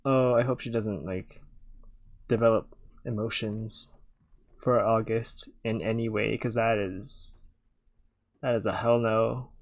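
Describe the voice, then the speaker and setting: A man with a gravelly, creaky voice talks slowly through his reactions to a show. He is blunt and swears freely. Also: on the low side, fairly even intonation. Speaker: reaction video host. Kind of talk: casual reaction commentary.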